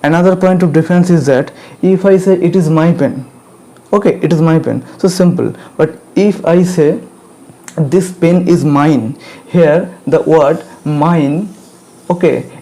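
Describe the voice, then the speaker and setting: A man with an Indian English accent, teaching a grammar lesson slowly and repeating himself, often checking in with "okay" and "clear?". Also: on the high side, warm tone. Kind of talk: grammar lecture.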